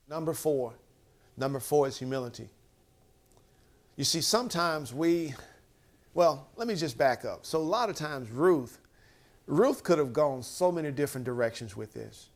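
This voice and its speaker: A man's voice: on the high side, expressive, moderate pace, long pauses. A man giving an emphatic motivational talk, counting off his points one by one. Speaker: motivational speaker.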